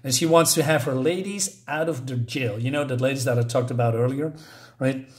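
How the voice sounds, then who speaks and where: A man's voice: medium pitch, fairly quick. A man casually recapping a comic book, rambling and chuckling, with plenty of "so, um, right?".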